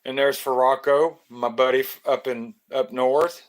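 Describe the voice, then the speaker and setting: A man's voice: medium pitch, steady tone, unhurried. A man, from Florida, hosting a casual live stream, greeting viewers by name in a loose, joking way.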